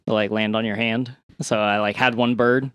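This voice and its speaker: A man's voice: on the low side, level tone, normal speed, fairly bright tone, clean tone, dry recording, studio quality. A man co-hosting a casual podcast, telling a story loosely and swearing freely. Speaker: podcast co-host. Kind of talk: casual chat.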